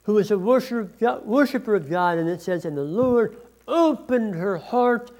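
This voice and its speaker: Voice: mid-range voice, animated, moderate pace, a little mellow. A pastor preaching a sermon, reading scripture passages aloud with emphasis and explaining them.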